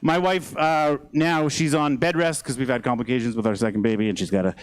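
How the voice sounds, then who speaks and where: A man's voice: mid-range voice, fairly even intonation, brisk, smooth, rough recording. A man in his thirties with a Canadian accent doing a rambling stand-up set on a theater stage, swearing often. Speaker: stand-up comedian.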